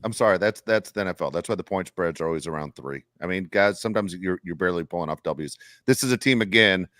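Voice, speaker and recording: A man's voice: low-pitched, fast talker, fairly bright tone, dry recording, clean studio sound. A man co-hosting a sports podcast, giving wry, opinionated takes in casual chat. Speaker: podcast co-host.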